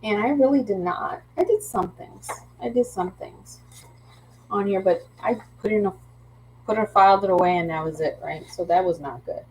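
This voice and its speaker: A woman's voice: mid-range voice, normal speed, darkish tone, slight background noise, low-quality recording. Chatty woman with a Philly accent. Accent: Philadelphia. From Philadelphia. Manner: rambling and chatty, restarts often, laughs easily. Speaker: craft teacher hosting a live stream. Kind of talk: casual livestream chat.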